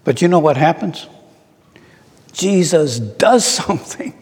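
Slow, reflective male preacher in a hall. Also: a little high, expressive, a little mellow. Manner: slow, reflective, with rhetorical questions. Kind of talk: sermon. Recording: long reverb in a large hall.

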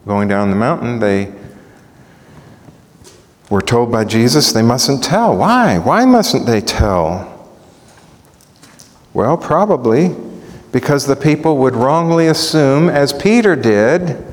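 Male preacher, Bible sermon, slow and animated, echoey hall. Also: medium pitch. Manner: animated, asks the audience questions.

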